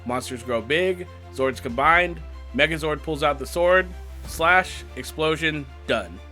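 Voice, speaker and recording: A man hosting a comedic movie review show, animated and joking, poking fun at himself. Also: on the high side. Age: adult past teens. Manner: animated, joking, self-mocking.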